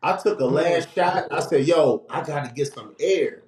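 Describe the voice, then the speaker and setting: A man, casually telling a long funny story on a podcast, acting out the people he quotes. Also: normal speed. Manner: lively, acts out quoted voices with big pitch jumps. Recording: echoey room with faint noise.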